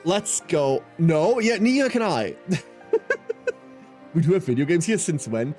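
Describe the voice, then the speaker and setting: A man's voice: a little high, very animated, a little slow, a little mellow, soft background music. A man in his thirties streaming a game, chatting casually and rambling with self-mocking humour as he answers chat. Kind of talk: casual live-stream chat while gaming.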